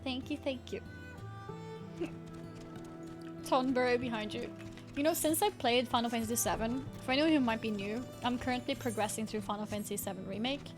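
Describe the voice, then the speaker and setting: A chatty woman streamer with a fairly high voice who giggles often and thanks her chat. Game music plays clearly underneath her casual talk. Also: fairly quick, pauses often. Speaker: livestreamer.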